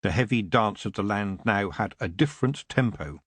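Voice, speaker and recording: Male audiobook narrator, dramatic, low voice, dry close sound. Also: normal speed, husky, no room sound. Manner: expressive, dramatic reading.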